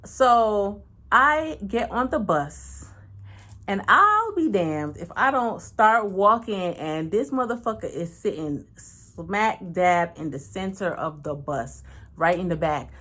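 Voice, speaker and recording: A lively woman, telling a story in a casual storytime vlog. She is frank and slangy and curses freely. Her pitch leaps high and drops low as she plays out each person's lines. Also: slow. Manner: animated, acts out every voice with big pitch swings. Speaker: channel host.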